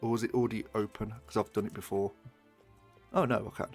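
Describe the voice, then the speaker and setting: A man's voice: on the low side, flat delivery, fast, faint music behind. British man, streamer, casual chat, swearing, joking with chat. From Britain. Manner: swearing, laughing banter with chat.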